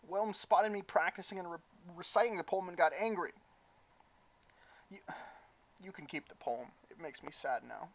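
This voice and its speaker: A man voicing a distraught young male poet who speaks quietly and sadly. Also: high voice, normal speed, pauses often, pitched above the performer's own voice. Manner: quiet, dejected.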